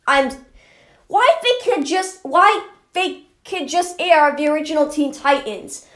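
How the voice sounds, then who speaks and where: A woman's voice: sits high, lively intonation, slow. A woman hosting her channel, giving an exasperated ranting commentary and repeating herself a lot. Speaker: channel host. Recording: roomy echo.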